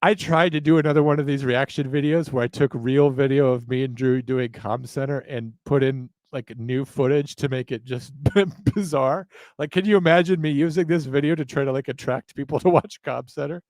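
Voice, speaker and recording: A man's voice: mid-range voice, moderate pace, hardly any pauses, a little mellow, dry recording. A man hosting a live chat, rambling and self-mocking, laughing often. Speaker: show host.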